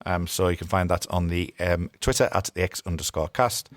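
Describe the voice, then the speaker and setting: A man with a very low voice wraps up a podcast episode in an easy, meandering way. He stops and restarts often and leans on fillers. His voice sounds dry and close. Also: brisk, dry recording. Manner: rambling, with many fillers and restarts. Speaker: podcast co-host. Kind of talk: casual podcast chat and sign-off.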